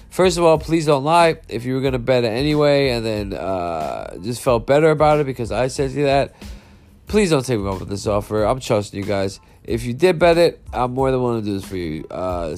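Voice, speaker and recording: A man's voice: mid-range voice, a little mellow. A man with a stuffy nose hosting a sports betting podcast, reacting to a game and apologizing, frustrated and profane. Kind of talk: live reaction and apology monologue.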